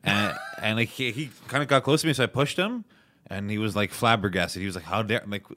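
A man's voice: lowish voice, bright, forceful tone. A man from Montreal hosting a podcast, chatting casually and swearing freely. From Montreal, Canada. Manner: laid-back, swears casually, quick reactions. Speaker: podcast host. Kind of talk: casual chat.

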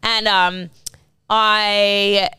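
Aussie woman late 20s, bright punchy voice, sweary animated storytelling, acts out the quotes, dry close mic. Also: medium pitch, drawn-out words, smooth, dry recording. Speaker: podcast co-host. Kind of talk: casual storytelling chat.

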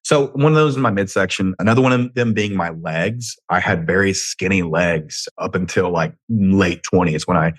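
A very deep, husky man with a light Southern twang talks through a solo podcast from home. He rambles, swears freely and cracks jokes at himself. The recording is close and dry. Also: normal speed, few pauses, no room sound. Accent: Southern American twang. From United States. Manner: rambling, profane and self-joking, with frequent tangents. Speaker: podcast host. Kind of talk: casual solo podcast monologue. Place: home room.

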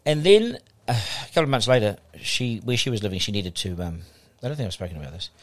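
Fast-talking low-voiced New Zealand man. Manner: animated anecdotal storytelling, acting out quoted dialogue. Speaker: guest broadcaster. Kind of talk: podcast interview storytelling.

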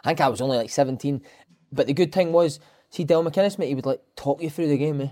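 A Scottish man in his thirties talks fast and swaps football stories in a casual chat. His voice sits a little high for a man, and he tells his tales with lively energy. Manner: lively storyteller, breaks into shouted impressions and laughter. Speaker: former footballer, podcast guest.

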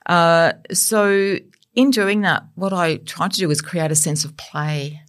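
Woman guest speaking haltingly. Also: on the low side. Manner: halting, repeats words when listing. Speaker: panel guest. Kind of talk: podcast panel discussion.

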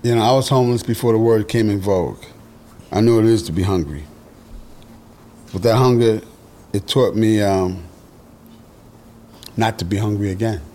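Blunt low-voiced New man. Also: normal speed, pauses often. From New York. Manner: direct, blunt, steady. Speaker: guest, producer and author. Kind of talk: reflective podcast conversation.

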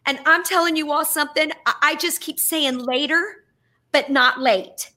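A woman's voice: sits high, moderate pace, sharp tone. A middle-aged woman co-host telling an earnest, emotional story in casual podcast chat.

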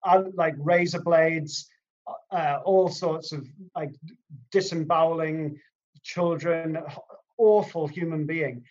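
A man's voice: fairly high pitch, fairly even intonation, slow. A man, a crime writer, chatting on a podcast in a hesitant, rambling way. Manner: rambling, hesitant, full of fillers. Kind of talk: casual podcast chat. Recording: dull lo-fi sound.

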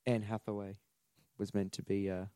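A man's voice: on the low side, level tone, moderate pace, warm tone, clean tone, no echo. A man co-hosting a podcast in casual chat, joking and swearing as he rambles about movies. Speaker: podcast co-host.

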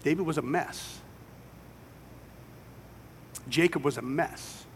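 A man's voice: a little high, takes it slowly, a little hiss or hum. A man preaching a sermon, retelling scripture stories with dramatic quoted voices. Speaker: pastor. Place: church sanctuary with children present.

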